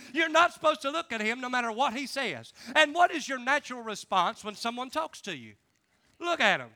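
A man's voice: very high-pitched, sing-song, moderate pace, bright, forceful tone. A man preaching a sermon, folksy and emphatic as he tells stories. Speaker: evangelist preacher. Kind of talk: sermon with personal storytelling.

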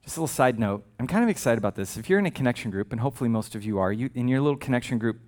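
A man's voice: mid-range voice, animated, racing, darkish tone. A male pastor preaching a sermon in a conversational, humorous way, with frequent asides.

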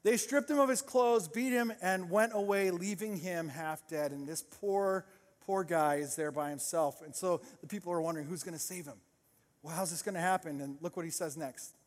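A male pastor preaching a sermon, telling a story with animated acted-out voices. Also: high voice, normal speed, big-room sound.

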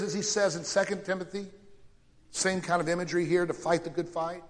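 A male pastor preaching a sermon dramatically, rising to loud questions and dropping to hushed lows. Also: fairly even intonation, fairly quick, big-room sound.

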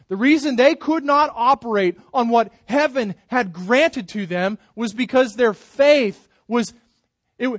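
A pastor preaching a sermon, pressing hard on key words and then dropping to a near hush. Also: male voice, very high-pitched, dry recording. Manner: emphatic preaching, swells loud then drops soft.

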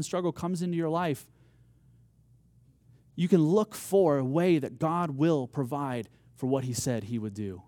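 A man's voice: a little high, a little slow, a little mellow, no room sound. A man preaching a sermon, telling a story with rising emphasis and acted-out quotes. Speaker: pastor.

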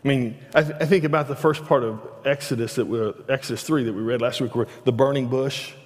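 A man's voice: mid-range voice, fairly even intonation, quick pace, big-room sound. A man preaching a sermon in a church, conversational, stumbling over restarts and rising animatedly at key points. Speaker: pastor. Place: church sanctuary.

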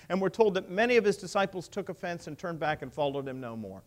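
A man's voice: high-pitched, sing-song, fast talker, few pauses. A man preaching a sermon, emphatic and asking his listeners rhetorical questions.

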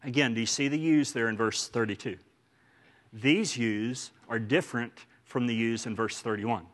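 A man's voice: mid-range voice, fairly even intonation, normal speed, fairly bright tone. A man with an Oklahoman accent preaching a sermon in church, earnest and emphatic, often repeating phrases for stress. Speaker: pastor.

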